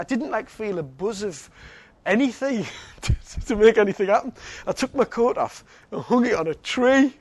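A man, preaching a sermon and telling a personal story with laughter and frequent restarts. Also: high voice. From Northeast England.

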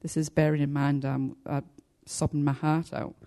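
Older woman with a low, mellow voice. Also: level tone. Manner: halting and heartfelt, many pauses and fillers. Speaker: church member giving testimony. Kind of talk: personal testimony to a congregation.

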